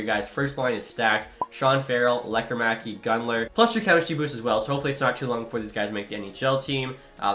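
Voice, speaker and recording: A man's voice: mid-range voice, bright, forceful tone. A young man giving upbeat, chatty commentary over a hockey video game. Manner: upbeat, quick, chatty with filler. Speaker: gaming YouTuber.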